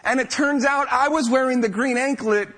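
High-voiced animated male storyteller. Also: normal speed. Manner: animated, self-mocking storyteller. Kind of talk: storytelling talk to a live audience.

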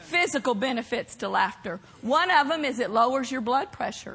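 A woman preaching a sermon, animated, breaking into mocking laughter and shouts. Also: sits high, normal speed, hardly any pauses, slight background noise.

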